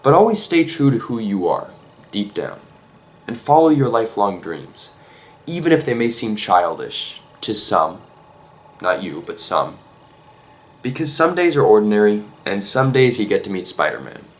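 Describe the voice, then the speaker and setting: A man vlogger telling a comic story in an earnest, mock-emotional way, halting and restarting his sentences. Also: on the low side, very animated.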